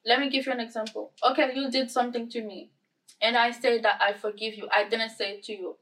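A woman's voice: fairly high pitch, level tone, fast, a bit bright, recorded from a distance, poor audio. A woman co-hosting a podcast, casually and insistently explaining her point with examples. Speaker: podcast co-host. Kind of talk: casual chat.

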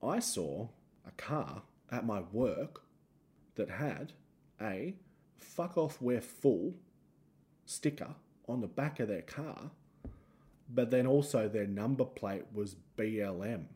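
An Australian man riffs through a solo comedy podcast with a relaxed, mellow tone. He talks in a loose, rambling way and keeps poking fun at himself with jokey asides. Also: on the low side, slow.

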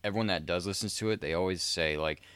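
A man's voice: low-pitched, fast talker, fairly bright tone, clear, resonant tone, no echo. A man hosting a podcast with a crude, rambling comedic monologue, swearing a lot and laughing in the middle of sentences. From South Dakota. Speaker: podcast host.

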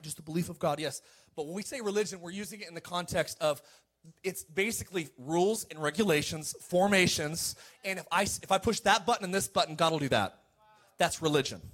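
High-voiced animated male preacher. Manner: animated, joking preaching with sudden shouted peaks and mocking quoted voices. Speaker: pastor. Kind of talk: sermon.

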